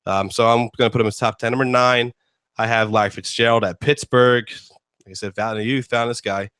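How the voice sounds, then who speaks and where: A man's voice: mid-range voice, fairly even intonation, a little fast, a bit bright, smooth, no room sound, clean studio sound. A man hosting a casual sports talk show, rambling and joking with lots of fillers. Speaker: host.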